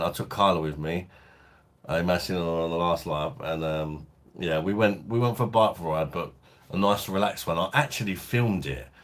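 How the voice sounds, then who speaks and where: A man's voice: low-pitched, a bit bright. A man hosting a casual beer review livestream, chatting laid-back and reading out viewer comments. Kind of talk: casual live-stream chat.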